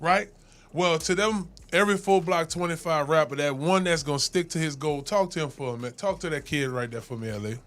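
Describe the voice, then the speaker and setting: A man hosting a casual radio talk show, hyping up his guest with a lively, laughing manner. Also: fairly high pitch, brisk. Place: radio studio.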